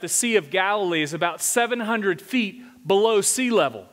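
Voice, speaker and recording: A man's voice: high voice, lively intonation, normal speed, fairly bright tone. A male senior pastor preaching a conversational sermon, often asking the congregation questions. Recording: long hall reverb from a church sanctuary.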